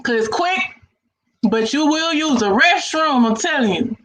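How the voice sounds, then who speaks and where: A woman's voice: high voice, expressive, a little slow, a bit bright. A woman hosting a casual reaction chat, laughing often and repeating herself while talking to viewers. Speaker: host. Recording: echoey room with faint noise.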